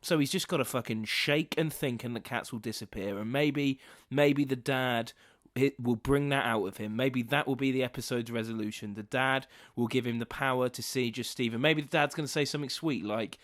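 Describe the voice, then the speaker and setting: A man's voice: medium pitch, a little fast, a bit bright, no echo, studio quality. A man co-hosting a casual podcast who rants bluntly and sarcastically, swearing freely. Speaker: podcast co-host.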